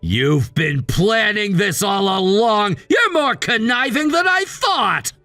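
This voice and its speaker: A man voicing a controlling, scornful husband in a text-message story, dismissive and given to shouting. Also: high-pitched, big pitch swings, takes it slowly, dry recording, faint music behind, exaggerated voice. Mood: angry, scornful. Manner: bossy and dismissive, shouting at times.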